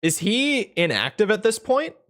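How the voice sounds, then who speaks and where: A man's voice: high-pitched, big pitch swings, moderate pace, a bit bright. A young man streaming a video game, chatting casually and picking apart the mission text with sarcastic asides. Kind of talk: casual gameplay commentary.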